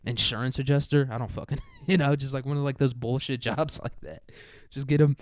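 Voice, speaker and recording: A man's voice: medium pitch, steady tone, fairly quick, dry recording. A man rambling through a crude, profane comedic monologue, full of "like" and "dude". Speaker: podcast host.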